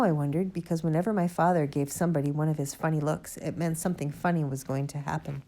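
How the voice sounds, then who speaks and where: A woman narrating a children's storybook aloud in an expressive, lively way. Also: deep voice, quick pace, hardly any pauses. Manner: lively expressive reading, first-person boy narrator. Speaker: audiobook reader.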